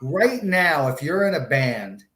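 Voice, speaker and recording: Casual, excited male podcast host. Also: a little high, takes it slowly. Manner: casual, excited, swears freely. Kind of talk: casual chat.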